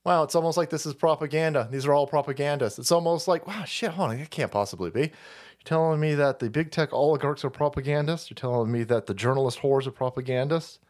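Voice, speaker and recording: A man's voice: on the high side, steady tone, brisk, a little mellow. A man ranting on his stream in political commentary, profane and mocking, swearing freely. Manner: profane, mocking, mimics opponents in silly voices. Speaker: streamer host.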